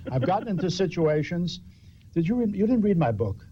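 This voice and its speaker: Older male guest, wry self-mocking storyteller, slightly higher voice, dull lo-fi TV sound. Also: big pitch swings, fairly quick, mellow. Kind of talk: storytelling in a TV talk show interview. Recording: dull lo-fi TV audio with faint hiss.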